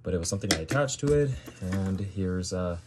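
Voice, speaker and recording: Music plays in the background as a young video creator leafs through an old sketchbook, chatting casually with bewildered reactions and fillers. His voice is low, animated, and brisk.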